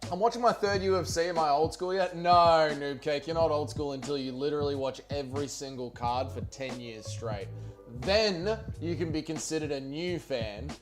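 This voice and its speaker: A man's voice: on the high side, normal speed, over music. An Australian man hosting a casual livestream, reading chat and bantering with viewers, with plenty of swearing and jokes. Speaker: livestream host.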